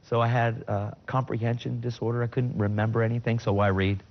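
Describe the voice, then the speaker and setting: A man's voice: level tone, brisk, lo-fi sound. Earnest middle-aged man telling his testimony. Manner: earnest and emotional, with sudden high bursts when quoting himself. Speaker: guest sharing his testimony. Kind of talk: personal faith testimony in conversation.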